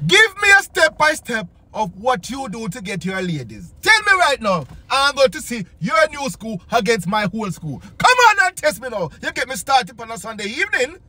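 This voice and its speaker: A man playing a shrill uncle. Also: sing-song, normal speed, hardly any pauses, dry recording, exaggerated voice. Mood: lecturing. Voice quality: shrill, cackling, squealing laugh. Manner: bossy, mocking, shouts and sing-song. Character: loud teasing older Jamaican uncle. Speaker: host. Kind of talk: improvised comedy character chat. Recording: noisy recording.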